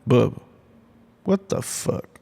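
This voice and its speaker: A man voicing a gruff, rude male mutant brawler who talks bluntly, half under his breath. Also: extremely slow, dark tone.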